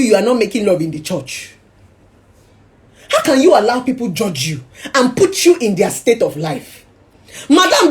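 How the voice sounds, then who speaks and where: A young Nigerian woman with a Nigerian accent giving a lively motivational monologue that slips into Pidgin and mocking chants. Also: fairly high pitch. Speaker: social media personality.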